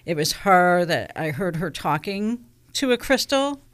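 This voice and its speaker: A woman's voice: on the low side, sing-song, a little slow. A woman guest who runs a crystal shop, talking in an easygoing way and explaining with anecdotes. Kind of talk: casual interview talk.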